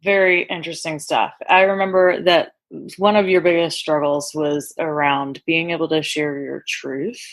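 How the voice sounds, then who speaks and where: A woman's voice: deep voice, flat delivery, normal speed, no echo. A woman host summarizing her guest's story in a reflective, conversational way. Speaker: host, coach. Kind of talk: interview conversation.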